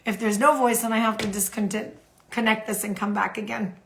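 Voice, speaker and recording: A woman from the United States hosting a live social media stream, animated and repeating phrases for emphasis. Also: mid-range voice, normal speed, creaky, slight background noise.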